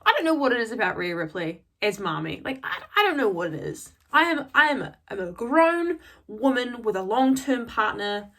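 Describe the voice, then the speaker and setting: A woman's voice: fairly high pitch, very animated, normal speed, a bit bright. A woman talking casually in a vlog, recapping a wrestling episode in a chatty, gushing way and often repeating her words. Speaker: wrestling show reviewer.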